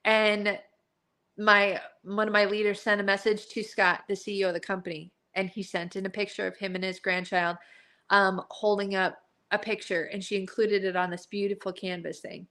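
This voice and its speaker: A woman's voice: mid-range voice, level tone, normal speed, pushed and bright. A woman hosting a casual live stream, talking in a heartfelt, rambling way with many fillers and sounding a little teary.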